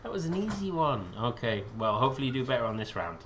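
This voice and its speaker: A man's voice: medium pitch, very animated, quick pace, slight background noise. A British man hosting a casual live quiz stream, rambling and joking at his own expense. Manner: rambling, self-deprecating, joking. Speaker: quiz host.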